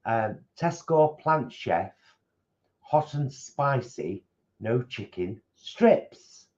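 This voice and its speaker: A man's voice: medium pitch, lively intonation, very slow, a little mellow, highs cut off. A man co-hosting a casual live food chat from his home kitchen, rambling and restarting his sentences. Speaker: co-host of a vegan food channel.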